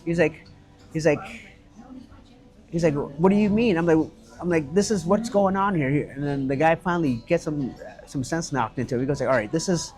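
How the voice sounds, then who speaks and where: Animated storytelling man, slightly high voice. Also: normal speed, faint music behind. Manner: animated, swearing, acts out quotes. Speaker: guest, restaurant owner. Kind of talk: casual storytelling chat.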